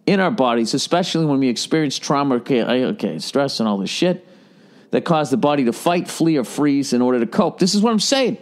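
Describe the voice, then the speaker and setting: A man's voice: a little high, lively intonation, moderate pace, darkish tone. A man in his late forties hosting a podcast, riffing in a profane, sarcastic comedic monologue and slipping into mock voices. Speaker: podcast host.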